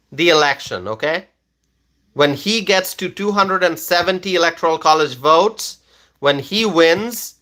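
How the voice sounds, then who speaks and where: A man's voice: fairly high pitch, bright, forceful tone. A man hosting a political livestream and reading out viewer comments. He is emphatic, repeats himself, and keeps checking in with "okay?".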